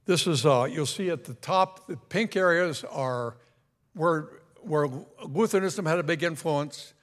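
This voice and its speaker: Male Sunday school teacher, light higher voice, casual lecturing with asides to the class. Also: measured pace. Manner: conversational, asks the class questions, points at a map. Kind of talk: church history lecture.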